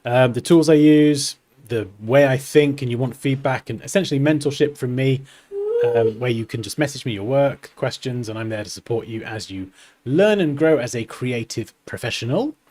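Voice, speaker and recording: A man's voice: mid-range voice, moderate pace, darkish tone. A young man hosting a livestream, chatting casually with viewers and a partner, laughing easily and cooing at his cat. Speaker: livestream host.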